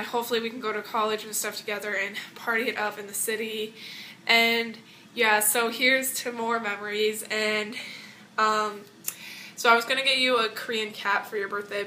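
A teenage girl vlogging from her bathroom, rambling warmly through a birthday message to her best friend with lots of fillers. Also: mid-range voice, slight background noise. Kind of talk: casual birthday message vlog. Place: home bathroom, indoors.

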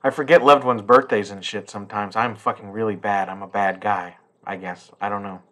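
A man's voice: on the low side, steady tone, brisk, pushed and bright. A middle-aged man chatting casually and profanely as he unboxes a toy collector's gift, rambling and heartfelt.

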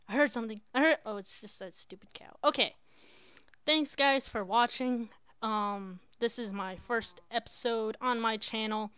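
A woman with a crisp, bright voice, set a bit high, gives casual commentary while she plays a game. She chats to herself with sudden exclamations. The sound is dry and close. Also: moderate pace, dry recording. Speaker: let's player.

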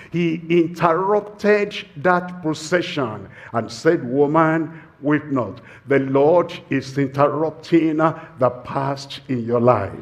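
A man preaching a sermon to a campus fellowship, slow and emphatic, repeating refrains for weight. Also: fairly high pitch, muffled recording.

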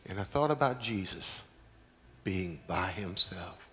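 A middle-aged man, preaching a sermon as pastor with slow, dramatic storytelling and sudden loud peaks. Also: fairly low pitch, expressive, slightly rough. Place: large church sanctuary. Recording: long hall reverb.

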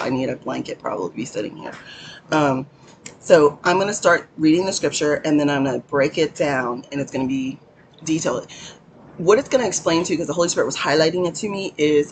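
A woman hosting her own channel, giving a rambling spiritual teaching in a hoarse morning voice from a cold room, often stopping to thank the Holy Spirit. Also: deep voice, a little hiss or hum, poor audio. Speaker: channel host.

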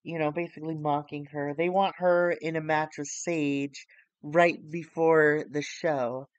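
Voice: mid-range voice, fairly even intonation, measured pace, clean tone, no room sound. A streamer playing a wrestling booking sim, rambling casually and swearing while retelling storylines. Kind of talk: casual live-stream commentary.

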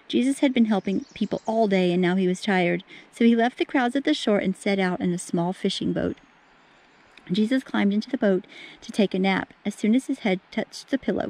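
A teacher reads a children's storybook aloud with lively expression. She pauses now and then to talk to the kids. Her voice is mellow and warm at a middling pitch. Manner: animated, talks to the kids between passages.

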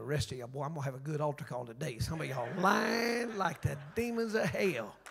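A man, preaching a revival sermon and telling a story, swinging from shouts down to near-whispers. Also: medium pitch, creaky. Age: 60s. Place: church sanctuary.

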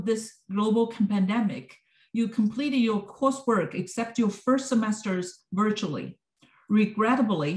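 A woman's voice: mid-range voice, darkish tone. A woman coordinating a program, giving an earnest prepared speech with small restarts from her office. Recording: roomy office sound.

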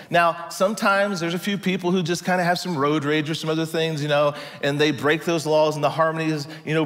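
Animated man preaching in a reverberant hall. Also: on the high side. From United States. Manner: animated storyteller acting out dialogue. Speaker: pastor. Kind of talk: storytelling sermon. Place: church hall.

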